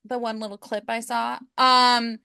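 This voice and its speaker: A woman's voice: on the high side, flat delivery, a little slow, gravelly, pushed and bright, smooth, no echo, clean studio sound. A woman co-hosting a podcast in casual chat, rambling with lots of "like" and hedges. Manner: chatty, hedging with frequent "like". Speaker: podcast co-host.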